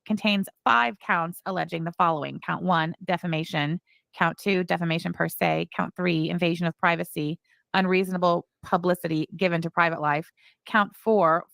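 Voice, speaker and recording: Woman, commentary host, gravelly, low-pitched, sarcastic asides, reading legal filings. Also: brisk, fairly bright tone, dry recording.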